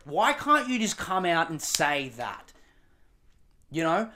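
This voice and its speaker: Angry, swearing podcast ranter. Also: male voice, fairly high pitch, sing-song, slow, bright, forceful tone. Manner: angry, profane, exasperated ranting. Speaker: podcast host. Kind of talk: ranting podcast commentary.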